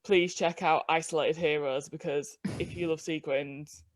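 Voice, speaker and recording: A woman's voice: sits low, fairly even intonation, unhurried, dry recording, faint music behind. A woman co-hosting a casual live-stream chat, laid-back and laughing as she talks. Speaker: podcast co-host.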